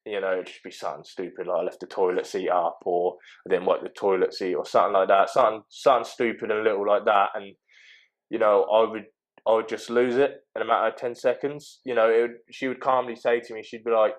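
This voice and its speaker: A young man, talking casually as a podcast guest, halting with many fillers and restarts. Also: fairly low pitch, flat delivery, poor audio. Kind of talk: casual interview talk.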